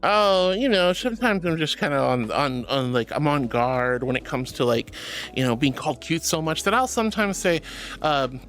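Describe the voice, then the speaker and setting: A woman's voice: deep voice, expressive, moderate pace, soft background music. Bubbly giggly streamer lady chatting with chat, voice bounces all over. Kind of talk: casual live-stream chat.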